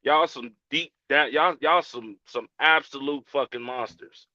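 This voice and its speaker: A man with a sharp, tense voice rants bluntly and profanely, lecturing the listeners. His voice comes through a dull, lo-fi line with a dry sound. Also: medium pitch, a little slow, no room sound. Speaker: speaker in an audio chat room.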